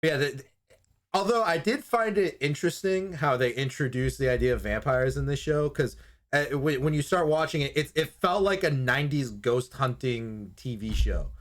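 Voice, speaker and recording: A man's voice: medium pitch, animated, moderate pace. Young man, casual chat, rambling, swears a lot, laughs often, mimics scenes in goofy voices. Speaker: podcast co-host reviewing anime.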